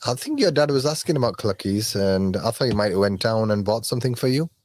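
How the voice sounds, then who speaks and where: A man hosting a live radio show in a studio, chatting casually and joking with callers, with lots of halting fillers. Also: fairly low pitch, expressive, darkish tone, no echo. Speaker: radio host.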